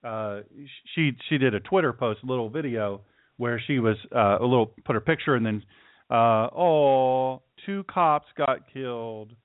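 A talk radio host delivers an opinionated monologue, sarcastic and mocking, slipping into caricature voices. His voice is medium-pitched at a moderate pace. The audio is dry and phone-like, with no echo.

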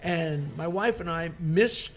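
A man, a comedian guest, telling rambling anecdotes in an animated, casual way and laughing often. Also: a little high, slow. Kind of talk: casual storytelling. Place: bar or restaurant.

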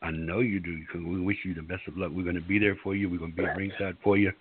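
Deep husky rambling co-host man. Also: level tone, very fast. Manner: rambling, stammering, playful. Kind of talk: casual online radio chat. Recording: tinny phone line.

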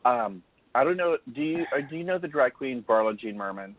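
A man's voice: mid-range voice, animated, a little fast, no echo. A man co-hosting a podcast, chatting in a rambling way with lots of fillers. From San Francisco area. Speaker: podcast co-host. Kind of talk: casual chat. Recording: dry tinny phone-like line.

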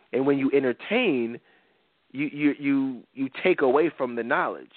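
A male talk-radio host makes his case with emphatic conviction, circling back on his words as he goes. His voice sits at a middle pitch. It comes through narrow and tinny, dry with no room sound. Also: no echo. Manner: earnest, emphatic, repeats words while building a point. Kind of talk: casual talk radio chat.

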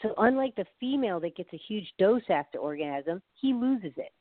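Laughing often, a woman guest expert on the science of love explains things in a chatty, casual interview, spinning anecdotes with quoted voices. Her mid-range voice has lively intonation and a moderate pace, and the audio is dry and thin like a phone call.

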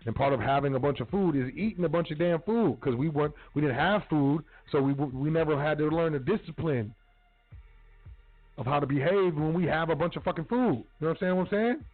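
A male podcast host delivers a casual talk-show monologue, speaking bluntly with street slang and some profanity. His voice is fairly high and a little fast. The recording sounds tinny, like a phone line, with faint music.

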